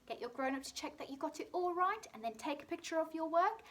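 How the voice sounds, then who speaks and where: A woman with a British accent teaching a phonics lesson to young children, sounding out words clearly and slowly. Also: extremely high pitch, lively intonation. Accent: British English. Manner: slow, clearly sounded-out words with bright emphasis. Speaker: primary school teacher.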